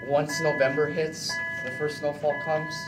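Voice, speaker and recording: A teenage boy giving an animated class presentation, often checking in with the class with "okay?". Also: fairly high pitch, moderate pace, loud music behind the voice. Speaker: student presenter. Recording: echoey room, distant mic, noisy.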